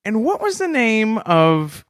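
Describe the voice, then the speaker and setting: Man, comedy podcast co-host, deadpan, lively rising and falling voice, dry close mic. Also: sits high, slow, dry recording. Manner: deadpan, straight-faced absurd comedy.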